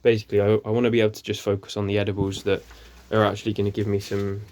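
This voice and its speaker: Male gardener, low-pitched, chatty and hesitant, casual greenhouse walk-through. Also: level tone, very fast, darkish tone. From England. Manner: rambling, many ums, self-correcting. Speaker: gardening vlogger. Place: small greenhouse.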